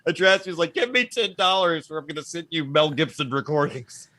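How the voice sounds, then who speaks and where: A man's voice: on the high side, lively intonation, fairly quick, sharp tone, a little hiss or hum. A man co-hosting a casual, profane chat show, joking crudely and acting out quotes. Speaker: co-host.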